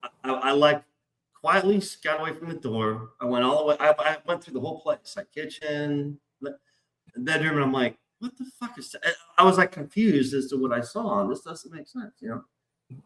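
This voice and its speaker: A middle-aged man hosting a podcast, telling a story in a casual, excitable way and swearing a lot. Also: a little high, normal speed. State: stressed, hyped up. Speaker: podcast host.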